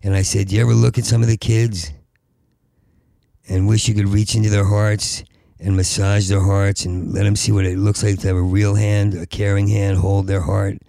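Stuttering gravelly man, rambling. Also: on the low side, level tone, moderate pace, dry recording, studio quality. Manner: heavy stutter, repeating syllables; rises to loud urgent pleading. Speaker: podcast host. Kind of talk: rambling monologue.

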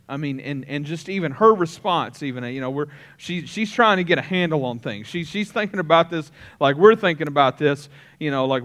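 A middle-aged male pastor preaching a conversational sermon, with casual fillers and slower, deliberate scripture reading. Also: a little high.

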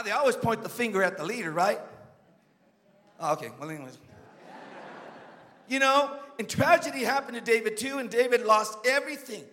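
A man's voice: extremely high pitch, lively intonation, moderate pace, pauses often, sharp tone, long reverb tail. A man preaching a sermon as a guest speaker, emphatic and calling out to the congregation.

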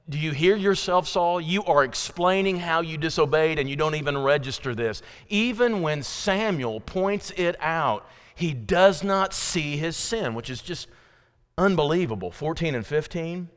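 A man's voice: fairly high pitch, animated, measured pace, a bit bright, clean tone, big-room sound. A man preaching a sermon earnestly, reading scripture aloud with emphasis. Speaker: pastor.

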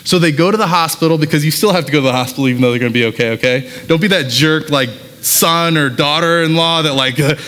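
A man's voice: a little high, fast talker, hardly any pauses, fairly bright tone. A man preaching a sermon as pastor, talking casually and telling stories with lots of fillers, in a church. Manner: casual, conversational storytelling with many fillers. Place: church sanctuary. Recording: long hall reverb.

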